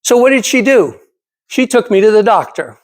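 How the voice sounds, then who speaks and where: A man in his seventies delivers a prepared motivational speech to a speaking club. His voice sits high for a man. He speaks emphatically, poses rhetorical questions to the audience and hammers his points home through repetition. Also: very animated, moderate pace. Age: 70s.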